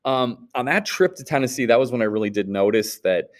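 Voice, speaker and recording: A man's voice: mid-range voice, a little fast. A man from Wisconsin with an Upper Midwest accent, a history teacher telling a story in a casual, rambling class talk full of restarts. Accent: Upper Midwest American. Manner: rambling, informal, many restarts and fillers.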